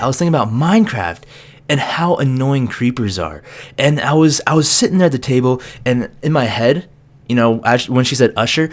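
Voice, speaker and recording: A young man, a college student, casually telling a funny story to camera, laughing and acting out voices. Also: mid-range voice. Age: young adult. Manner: animated, laughing, acts out voices. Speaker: vlogger.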